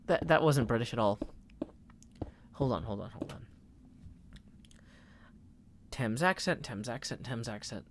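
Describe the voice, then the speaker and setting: This thirty-something man's medium-pitched, expressive voice comes through with a little hiss or hum. He's chatting casually during a live game stream, jumping around and quickly flaring into mock indignation.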